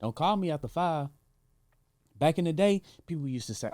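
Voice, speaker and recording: A man's voice: fairly high pitch, animated, moderate pace, long pauses, darkish tone, no echo, clean studio sound. A man hosting casual commentary in a slangy, emphatic way. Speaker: host.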